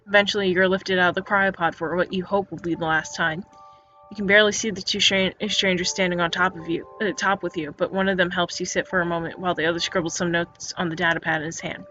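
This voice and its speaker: A woman's voice: fairly low pitch, little pitch movement, fast, bright, forceful tone. A woman reading an interactive story game aloud in second person, stumbling and restarting words often. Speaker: narrator. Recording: dull lo-fi recording with faint music.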